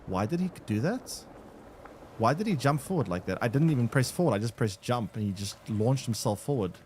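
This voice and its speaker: A man's voice: mid-range voice, animated, brisk, a little mellow, slight background noise. A man streaming a game live, rambling and thinking aloud to his chat with many restarts. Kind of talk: live gameplay commentary to chat.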